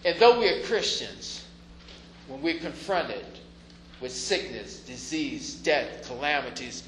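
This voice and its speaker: A man's voice: on the high side, expressive, takes it slowly, fairly bright tone. A man preaching a sermon in a conversational way, now and then rising to emphatic stresses. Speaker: pastor. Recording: echoey room, faint noise.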